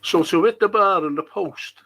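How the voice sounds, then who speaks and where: A man's voice: high-pitched, moderate pace, sharp tone. A man joining a football fan live chat, arguing his point and mocking the opinions of others. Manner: argumentative, mocks others' opinions.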